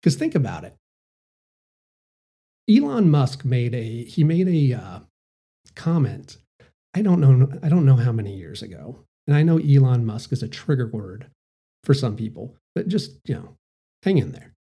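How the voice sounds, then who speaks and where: Man, podcast host, slow rambling monologue, husky voice. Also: medium pitch, sing-song, warm tone. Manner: casual and rambling, many "you know" fillers.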